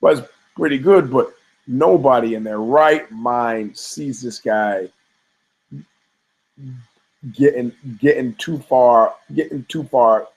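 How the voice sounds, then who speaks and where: A man's voice: mid-range voice, slow, pauses often, darkish tone, rough recording. Profane rambling man telling stories. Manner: profane, storytelling, many restarts and asides. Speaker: podcast host. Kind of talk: rambling casual commentary.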